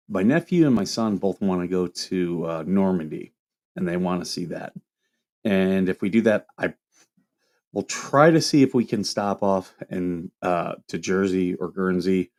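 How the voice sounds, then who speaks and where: A man's voice: sits low, a little mellow. A man hosting a casual livestream, reading viewer questions aloud and answering them in a loose, rambling way.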